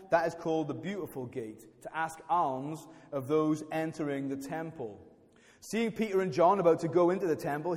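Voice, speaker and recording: A man preaching a sermon in a chatty, self-deprecating way, often restarting his sentences. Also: a little high. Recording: church hall reverb.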